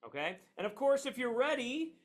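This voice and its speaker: A middle-aged man teaching a percussion class in a relaxed, chatty way, with frequent fillers and "okay?" checks. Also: very high voice, normal speed. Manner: relaxed, chatty, with many fillers and tag questions. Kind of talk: classroom lesson. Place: classroom near a train line.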